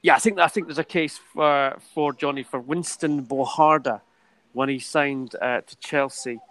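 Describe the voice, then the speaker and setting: A man's voice: medium pitch, fairly even intonation, unhurried, fairly bright tone, no echo, low-quality recording. A man chatting about football in a casual podcast, telling stories with some hesitation. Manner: anecdotal storyteller, hesitant. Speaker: football pundit.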